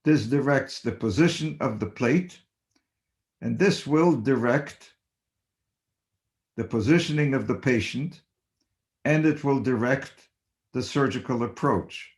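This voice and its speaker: An older man, a surgeon, giving a measured, deliberate webinar lecture and stressing basic principles. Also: mid-range voice. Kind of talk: slow academic lecture. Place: home or office on webinar.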